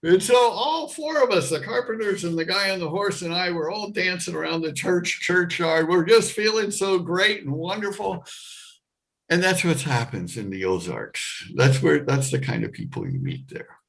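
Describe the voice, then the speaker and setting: A man telling a personal story to an audience, getting animated and rising high with excitement. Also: normal speed, gravelly. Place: performing arts center stage.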